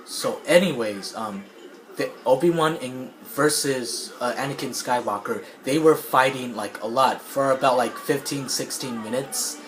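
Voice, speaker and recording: A man's voice: medium pitch, a little slow, a bit bright. A man casually rambling through a story while playing a game, full of fillers and restarts. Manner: rambling, many fillers and restarts, clears throat. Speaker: gamer retelling a film plot. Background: game music.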